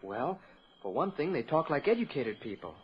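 A man's voice: fairly high pitch, big pitch swings, moderate pace, breathy edge, exaggerated voice. An actor playing a polite, earnest teenage boy who speaks eagerly and respectfully, in 1940s radio acting. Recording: dull old radio broadcast.

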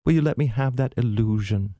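A man's voice: mid-range voice, fairly quick, mellow, dry recording, voice pushed up, lightly acted. A man voicing a theatrical, bitter, self-pitying aging mother in an arch, mannered way.

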